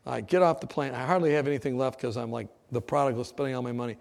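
A man preaching, telling his testimony as a lively story, often laughing and acting out the people in it. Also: mid-range voice, fast talker, creaky. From United States. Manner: animated storyteller, often laughing, acts out shouts.

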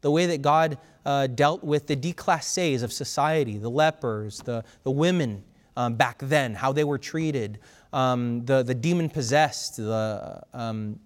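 A man preaching a sermon in an earnest, halting way, often restarting his sentences. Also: mid-range voice, long reverb tail.

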